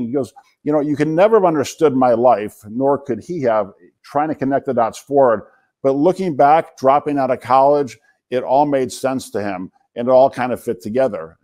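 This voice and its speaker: A man's voice: mid-range voice, darkish tone. Self-deprecating older man telling stories. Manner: self-deprecating, anecdotal, joking asides. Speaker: guest speaker, physician and entrepreneur. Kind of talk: humorous keynote storytelling.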